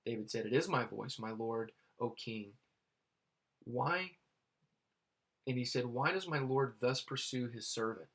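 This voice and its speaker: A man reading Bible verses aloud and explaining them in a halting way, with many fillers and restarts. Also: mid-range voice, fairly bright tone, husky. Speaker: Bible teacher.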